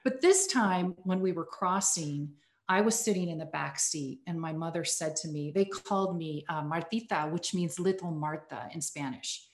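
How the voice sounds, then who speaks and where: A woman's voice: low-pitched, normal speed. Earnest woman telling a story, echoey room. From United States. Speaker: podcast guest, communications executive. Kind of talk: casual storytelling interview.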